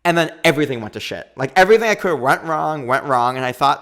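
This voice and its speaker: A man in his thirties, a podcast guest, telling a long story in a lively, quick way and acting out what people said. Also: fairly high pitch. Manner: animated, quick storytelling with acted-out quotes. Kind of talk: storytelling in a casual interview.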